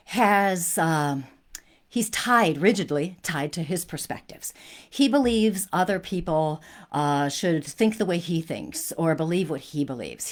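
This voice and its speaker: Speaking in a lowish voice, a woman recounts a personal story while hosting a spiritual talk. Her manner is earnest and conversational, with frequent restarts.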